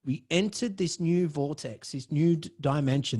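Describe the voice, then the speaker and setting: A young man tells a story alone on his podcast, and his voice sits noticeably high for a man. He swears casually and keeps shifting between hushed mutters and loud, excitable outbursts. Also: normal speed, slightly rough. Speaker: podcast host. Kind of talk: storytelling monologue.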